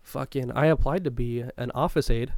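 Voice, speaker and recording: A man's voice: medium pitch, normal speed, a little mellow, no room sound. A young man co-hosting a podcast, talking loosely in a rambling way and swearing often. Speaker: podcast co-host. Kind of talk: casual chat.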